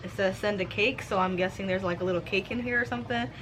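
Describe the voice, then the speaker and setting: A woman's voice: mid-range voice, quick pace, background noise. A young woman chatting casually to her camera in a car, gushing and emotional. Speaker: book vlogger. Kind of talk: casual vlog chat. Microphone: handheld camera.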